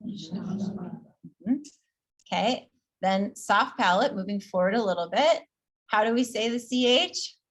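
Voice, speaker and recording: A chatty, upbeat woman teaching a pronunciation lesson at a mid-range pitch. She drills each sound slowly and repeatedly for students to echo. Her tone is relaxed and casual, with easy laughter. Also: husky. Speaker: yoga teacher training instructor.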